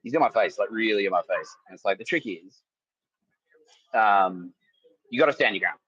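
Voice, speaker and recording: A man hosting a comedy podcast, telling a rambling story with lots of swearing, laughter and loudly acted-out quotes. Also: fairly low pitch, fairly quick, long pauses, slightly rough, dry recording, muffled recording. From Australia. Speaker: podcast host.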